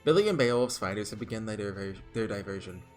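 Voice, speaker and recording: A man doing a formal, precise gentleman detective. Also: on the low side, lively intonation, soft background music, pitched below the performer's own voice, close to an everyday voice. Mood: measured. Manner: measured, formal diction.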